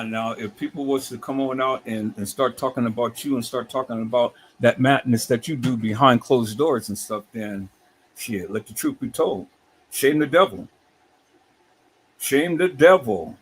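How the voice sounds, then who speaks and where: A middle-aged man hosting a livestream, talking in an animated, preachy way with many repeated words. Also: mid-range voice, a little hiss or hum. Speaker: livestream host.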